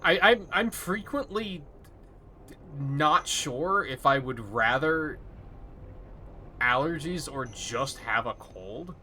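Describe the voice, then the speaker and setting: A man's voice: medium pitch, expressive, takes it slowly, sharp tone, slight background noise. A man streaming a video game live, rambling casually and thinking aloud as he plays. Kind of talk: casual live gameplay commentary.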